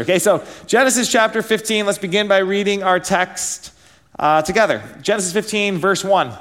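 Man, thirties, pastor, high-ish voice, chatty sermon delivery with rhetorical questions. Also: a little fast, fairly bright tone. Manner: conversational, many fillers and rhetorical questions.

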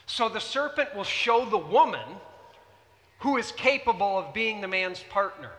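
Male pastor, high bright voice, lively sermon delivery, reverberant church hall. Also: unhurried. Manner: animated, conversational, asks the audience questions.

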